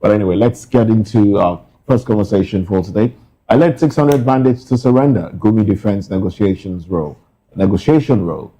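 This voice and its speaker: A man's voice: on the low side, expressive, fairly quick, warm tone, poor audio. A man co-hosting a morning newspaper review, reading headlines in clipped bursts with brief asides. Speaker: news show co-host.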